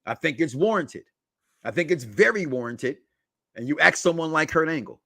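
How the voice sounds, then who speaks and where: A man hosting a wrestling podcast in casual chat, emphatic and counting down his list with dramatic pauses. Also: on the high side, expressive, creaky, bright, forceful tone, dry recording. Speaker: podcast host.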